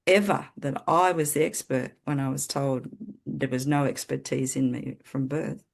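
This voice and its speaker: A woman guest on a podcast, earnestly telling her personal story in a halting way with many restarts. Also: very deep voice, steady tone, gravelly. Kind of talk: personal testimony in conversation.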